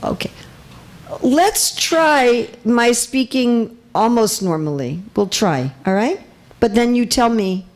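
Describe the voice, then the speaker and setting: In a temple hall, a woman visiting as a speaker delivers a religious lecture to a live audience, her voice a little high, expressive and darkish in tone as she takes it slowly. She chats, teases with light humor and often makes sure everyone is keeping up.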